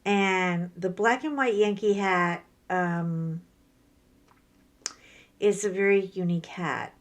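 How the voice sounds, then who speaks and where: A woman's voice: lowish voice, takes it slowly. Chatty middle-aged New woman. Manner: chatty storyteller, animated, acts out quoted voices. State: sore from a workout. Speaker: crafting vlogger. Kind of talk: casual chat while crafting.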